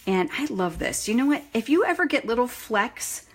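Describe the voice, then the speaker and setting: A woman's voice: a little high, very animated, moderate pace. A middle-aged woman hosting a live craft demonstration from her home craft room on a phone camera, chatty and self-deprecating, greeting viewers by name. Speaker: stamping demonstrator.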